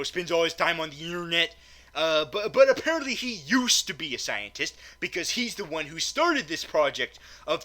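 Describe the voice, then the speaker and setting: A man's voice: on the high side, pushed and bright. A man giving a comedic, rambling movie review, stammering and restarting often and swearing casually.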